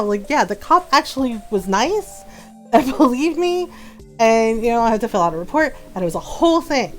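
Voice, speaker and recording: A woman hosts her livestream in casual chat, her slightly high voice heated and emphatic. She circles back and repeats her points for weight, with faint music playing underneath. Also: big pitch swings, normal speed. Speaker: livestream gamer host.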